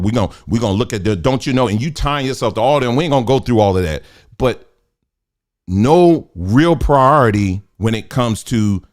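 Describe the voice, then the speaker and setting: A middle-aged man, hosting a casual livestream and talking in an animated, preachy, colloquial way. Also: mid-range voice. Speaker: host.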